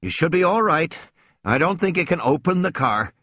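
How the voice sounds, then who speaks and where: A man voicing a calm, authoritative grown man giving firm instructions over a radio, in a dry studio audiobook reading. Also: a little high, moderate pace, no room sound, pitched above the performer's own voice. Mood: steady.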